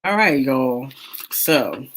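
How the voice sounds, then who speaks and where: A man's voice: mid-range voice, very animated, very slow, a bit bright. A man co-hosting a casual talk show, reading gossip items in a playful mock newscaster way. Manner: reads news items playfully.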